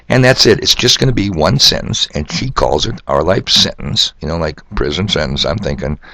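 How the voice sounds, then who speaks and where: A man's voice: very deep voice, vocal fry, fairly bright tone, no room sound, studio quality. An older man hosting a solo podcast monologue, rambling and sardonic, asking rhetorical questions and spelling words out letter by letter. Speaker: podcast host.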